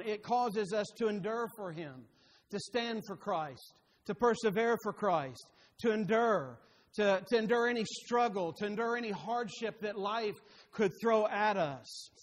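A high-pitched man delivers a sermon with emphatic, repetitive phrasing. His voice rings out with a long reverb that fills the church hall around him. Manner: emphatic, repeats phrases for stress. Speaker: preacher.

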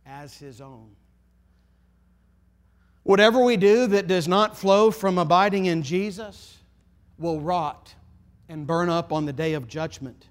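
A man preaching a sermon, earnest and emphatic, repeating phrases for effect and dropping to a hush to drive points home. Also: sits high. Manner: earnest, rises to emphatic pleading then drops to hushed.

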